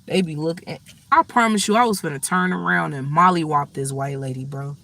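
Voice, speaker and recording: A woman's voice: lowish voice, fairly bright tone. Blunt, profane woman ranting. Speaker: vlogger. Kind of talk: casual storytime rant.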